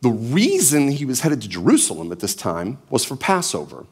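Animated storyteller pastor man. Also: medium pitch, moderate pace, slightly rough. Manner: animated storytelling, acts out scenes. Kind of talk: sermon.

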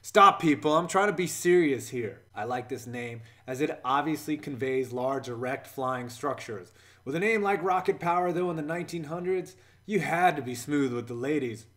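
A man's voice: fairly high pitch, expressive, moderate pace, few pauses, fairly bright tone. A man hosting a scripted comedy countdown voice-over, delivering sarcastic jokes and innuendo. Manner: sarcastic, joking, innuendo-heavy. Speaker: YouTube channel host.

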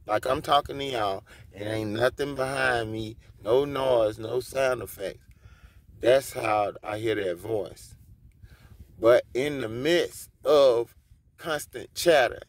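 A man talking casually about his faith while sitting outside his workplace. He rambles and often breaks off to exclaim and hum to himself. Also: mid-range voice. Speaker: vlogger. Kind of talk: casual spiritual monologue.

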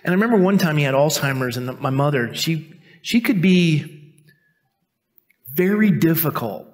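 Male pastor, fifties, sermon, chatty storytelling, self-mocking, voice a bit high. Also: animated, moderate pace. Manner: conversational, self-mocking, acts out quoted voices. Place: church sanctuary.

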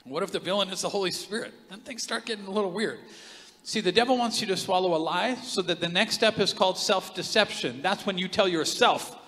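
Animated man preaching in a reverberant hall. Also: high-pitched, brisk. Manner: animated, joking storyteller with big swings in loudness. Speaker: pastor. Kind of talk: sermon. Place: large church hall.

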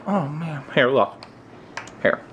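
An American man chatting casually with his toddler on camera, using playful baby talk and high, coaxing questions. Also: expressive, slow, a bit bright, lo-fi sound, a little hiss or hum. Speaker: parent vlogger.

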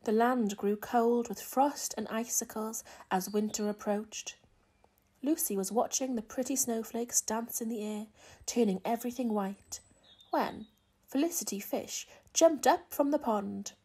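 A woman reads a children's picture book aloud at a slow, gentle pace, expressive throughout. Her voice sits slightly high, with a mellow tone and a breathy edge. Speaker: children's storyteller.

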